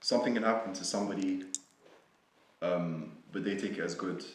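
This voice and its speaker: A young man from Senegal speaks as a podcast guest in a fairly low voice. He is earnest and reflective and repeats words while he gathers his thoughts. The room leaves a noticeable echo on his voice. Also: brisk, a little hiss or hum. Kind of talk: casual conversation. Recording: roomy echo.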